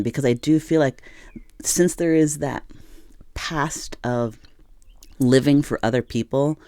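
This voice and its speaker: A tarot reader with a soft, mellow tone, speaking encouragingly straight to the viewer. The delivery is earnest and searching, full of restarts and repeated phrases. The sound is close and dry, with no room around it. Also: mid-range voice, moderate pace, no room sound. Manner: gentle, encouraging, talks to the viewer as "you". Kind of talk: intuitive tarot reading to camera.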